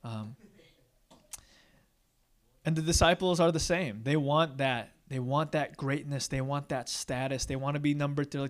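Young guy preaching casual, kinda high voice, chatty and self-mocking, lots of "right?". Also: fairly even intonation, a little slow. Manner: candid and self-deprecating, many fillers and rhetorical "right?". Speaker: pastor. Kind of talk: casual conversational sermon.

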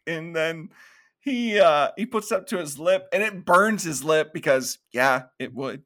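A man's voice: a little high, animated, a little slow, sharp tone. A man co-hosting a podcast, casually retelling scenes from a horror movie with put-on quotes and laughter. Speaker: podcast co-host. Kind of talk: casual movie review chat.

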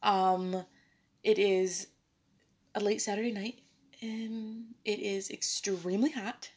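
A young woman recounts a story from her working life in a relaxed, conversational way. Her pitch climbs and swings as she acts out the people she quotes, which makes her telling lively. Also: slow, husky. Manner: animated, acts out quoted dialogue. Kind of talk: casual storytelling.

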